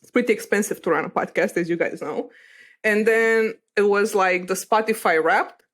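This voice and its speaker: A woman's voice: mid-range voice, normal speed, a bit bright. A woman from Eastern Europe, a podcast guest, chatting candidly with a loose, casual manner and the odd swear word.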